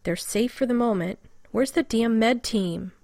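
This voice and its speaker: A woman's voice: on the high side, measured pace, creaky, a little mellow, no echo, clean studio sound, pitched above the performer's own voice. A woman reading a frantic, exhausted male scientist who rambles anxiously in a storybook reading.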